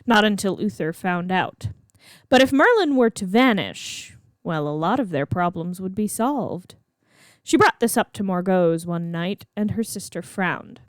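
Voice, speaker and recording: A woman reading her own fan fiction aloud in a steady, expressive storytelling voice. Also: on the low side, unhurried, no room sound, clean studio sound. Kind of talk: storybook read-aloud narration.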